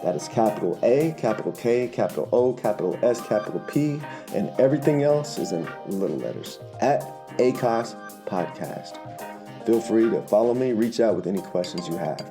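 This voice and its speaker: A man's voice: fairly low pitch, lively intonation, normal speed. A man hosting a casual family podcast, rambling and easygoing. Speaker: podcast host. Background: faint music.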